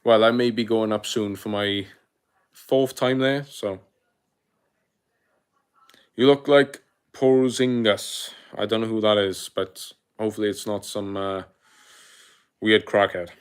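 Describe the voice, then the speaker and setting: A young man with a South Welsh accent, chatting live to his viewers and reading their comments aloud. He talks in a relaxed, easygoing way, dropping slang like "mate" between answers. His voice sits a little on the low side. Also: moderate pace, smooth. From South Wales. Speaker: livestreamer. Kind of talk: casual live-stream chat reading comments.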